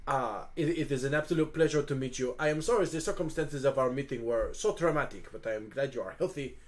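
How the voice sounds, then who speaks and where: A man's voice: medium pitch, fast talker, lightly acted. A man voicing a pompous, courtly male adventurer who speaks in grand, formal phrases. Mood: flowery polite. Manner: grandiose formal speech, stumbles and restarts.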